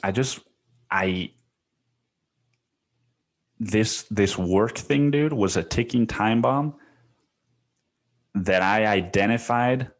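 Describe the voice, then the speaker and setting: A young man with a very deep, low-pitched voice talks alone into his podcast mic. He vents in a profane, restless way, leaning on "dude" every few words. His tonsils are swollen, so his throat is sore. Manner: profane venting, heavy on "dude". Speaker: podcast host. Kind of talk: solo podcast monologue.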